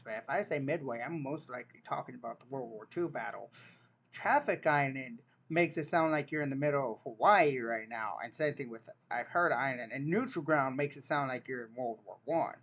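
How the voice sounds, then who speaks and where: A man's voice: mid-range voice, fairly bright tone, highs cut off. A young man, casually reacting to a dialect quiz, joking and incredulous as he thinks aloud. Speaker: vlogger taking an online dialect quiz.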